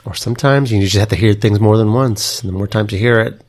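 Deep-voiced easygoing podcast host man. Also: fast, a little mellow. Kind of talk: casual chat.

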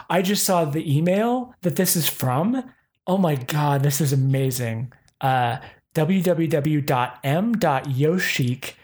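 A man's voice: fairly high pitch, a little mellow. Man dryly reading a scam email for laughs. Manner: reads aloud punctuation and spacing with dry mock precision; breaks off into amused asides. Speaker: comedic reader.

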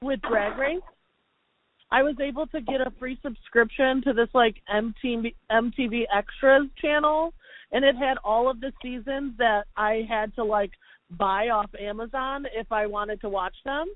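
A woman's voice: fairly high pitch, normal speed, no room sound, narrow, tinny audio. Chatty woman rambling with lots of "like", thin phone-ish sound, super dry. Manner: chatty, animated, lots of filler "like". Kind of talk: casual chat.

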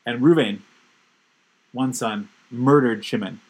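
A man teaches a Torah class with a husky, slightly breathy voice. He tells stories in an emphatic way that builds in intensity. His pitch sits in an ordinary middle range. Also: takes it slowly, low-quality recording. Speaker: religious teacher.

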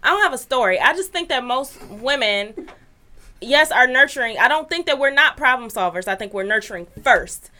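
A woman in a casual group discussion, giving her view in a deliberate way. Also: high-pitched, lively intonation, bright, forceful tone.

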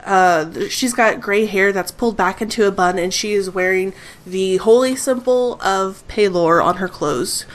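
A woman runs a tabletop game, narrating in a loose, rambling way full of fillers. Her voice sits in an ordinary middle pitch. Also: normal speed, hardly any pauses. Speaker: game master.

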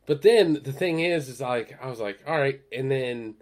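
A man co-hosting a podcast, rambling through a sitcom episode in a casual chat, with many fillers and louder acted-out quotes. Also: mid-range voice, animated, normal speed. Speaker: podcast co-host.

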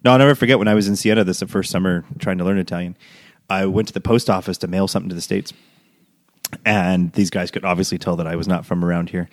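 A man's voice: sits low, steady tone, no room sound, studio quality. A man as a guest in a casual chat, telling easygoing stories. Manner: quick, easygoing storytelling. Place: in Rome, Italy.

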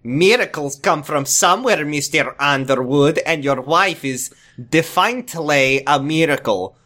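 A man's voice: fairly high pitch, animated, measured pace, pushed and bright. A man voicing a male doctor in an exaggerated, comic fake Italian accent with broken English. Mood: hammy.

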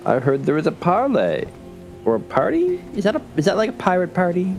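Animated male player, higher voice, casual and joking. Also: quick pace, soft background music. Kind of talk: casual game chat.

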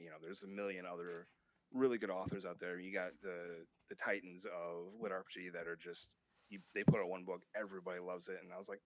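A man's voice: low-pitched, steady tone, brisk. A man, a guest author, talking casually in an interview, rambling a little with fillers and restarts.

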